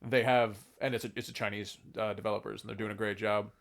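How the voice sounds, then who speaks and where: Man, low voice, a bit drunk, rambling, casual podcast host, swears casually. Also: flat delivery, fast talker, gravelly, fairly bright tone. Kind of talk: casual chat about game lore.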